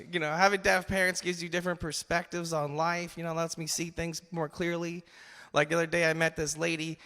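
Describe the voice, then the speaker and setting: A man in his twenties doing a loose, swearing stand-up set on a comedy club stage, shouting in the bits. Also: on the high side. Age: 20s. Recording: live stage mic in long hall reverb.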